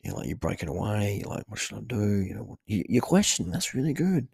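Man, very husky voice, dry close sound, blunt profane advice, laughs a lot. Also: lowish voice, very animated, fast talker, darkish tone, no echo. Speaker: podcast host giving life advice. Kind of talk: casual advice chat.

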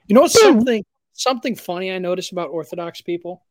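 A man in a casual livestream chat, talking in a chatty, animated way. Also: high voice, fast talker, dry recording, clean studio sound.

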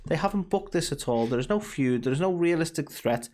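A man's voice: on the high side, animated, darkish tone. A man with a Scouse-sounding northwest English accent, co-hosting a podcast and giving blunt, opinionated takes. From near Liverpool, England. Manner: opinionated, blunt, quick to argue. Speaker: podcast co-host. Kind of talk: casual chat.

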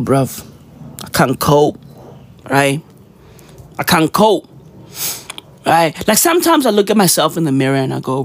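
A woman's voice: sits low, breathy edge, no room sound, clean studio sound. A woman vlogger in a profane, slangy comedic rant, mimicking sounds as she goes.

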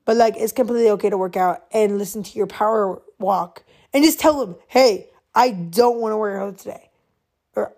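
A woman's voice: mid-range voice, normal speed. A young woman hosting a casual solo podcast, chatty and slangy, often laughing at herself as she rambles. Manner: chatty, giggly, slangy, animated. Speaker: podcast host.

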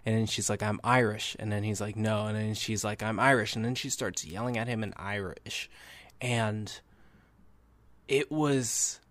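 A man's voice: fairly low pitch, fairly even intonation, unhurried, no room sound. A young man hosting a podcast, giving casual, enthusiastic movie reviews with lots of fillers and restarts. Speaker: podcast host.

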